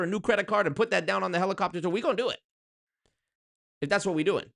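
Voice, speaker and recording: Animated sarcastic young man vlogging. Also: fast, vocal fry. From Canada. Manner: animated, sarcastic, jumps to high exclaims. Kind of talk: casual storytelling monologue.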